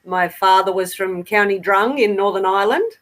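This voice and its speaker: A middle-aged Australian woman, a guest in a casual interview, talking in an easy, unhurried way with frequent ums. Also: mid-range voice, fairly bright tone.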